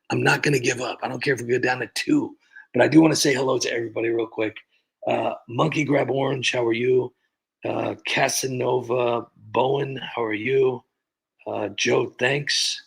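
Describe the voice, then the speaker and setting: A man with a gravelly, husky voice talks casually into a desk mic on his livestream. He rambles and restarts his sentences and sighs now and then as he greets his viewers. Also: medium pitch, fairly bright tone, poor audio. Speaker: livestream host.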